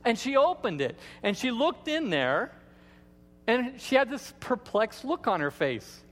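A man's voice: very high voice, very animated, a little slow, fairly bright tone. A man who is the lead pastor, giving a sermon in a church with folksy, playful storytelling. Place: church sanctuary. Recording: long hall reverb.

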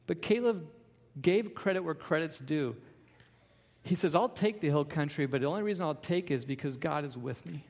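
A man's voice: on the high side, moderate pace, darkish tone, big-room sound. A man preaching a sermon as pastor, emphatic, with repeated refrains.

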